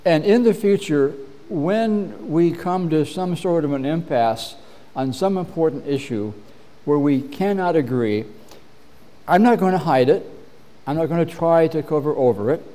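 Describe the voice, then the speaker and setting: A middle-aged man preaching a measured, earnest sermon as pastor, often clearing his throat. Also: fairly high pitch, expressive, mellow.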